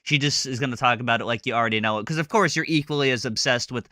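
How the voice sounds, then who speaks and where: A man hosting a live stream, ranting sarcastically and fast with lots of fillers as he reacts to a clip. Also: mid-range voice, bright, forceful tone, no echo, clean studio sound. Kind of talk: casual chat reacting to a clip.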